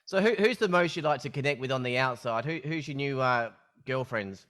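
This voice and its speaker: A man's voice: medium pitch, brisk, fairly bright tone. A man hosting an interview who stumbles and repeats words as he asks his questions. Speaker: interview host.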